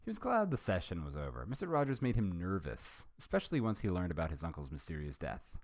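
A man's voice: sits low, very animated, fast, a little mellow, no room sound, studio quality. A man hosting a podcast, reading fan fiction aloud and chatting hesitantly, with many ums and self-corrections. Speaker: podcast host.

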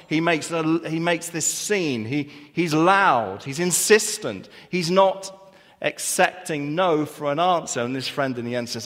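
A man's voice: fairly high pitch, lively intonation, unhurried, fairly bright tone. A man preaching a sermon as pastor, earnest, with rhetorical questions and repetition. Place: church hall. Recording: long church reverb.

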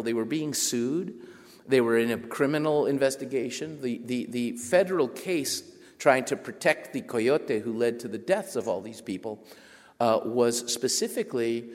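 A man with a mid-pitched voice tells a story to a live audience. He is animated and self-mocking, and he slips into other people's voices as he goes. His voice rings through a large hall with a long echo. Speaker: author giving a talk. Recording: echoey hall.

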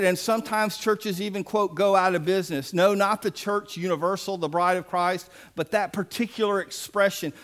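A man's voice: high-pitched, a bit bright. A man preaching a sermon as pastor, folksy and emphatic with playful asides.

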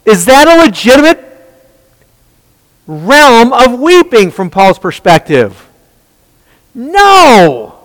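Male Bible teacher with a very high, animated voice, fond of rhetorical questions and quick restarts. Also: in a large hall, poor audio. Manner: rhetorical questions, answered at once; frequent restarts and repeated words.

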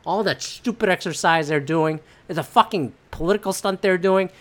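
A woman's voice: fairly low pitch, normal speed. Profane, ranting woman podcast host. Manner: profane, blunt and opinionated; rambling with many fillers and restarts. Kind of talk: solo political commentary rant.

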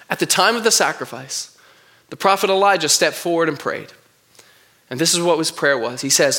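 A male pastor delivering a sermon with a high, bright, forceful voice. He tells the story expressively and reads scripture aloud to his listeners.

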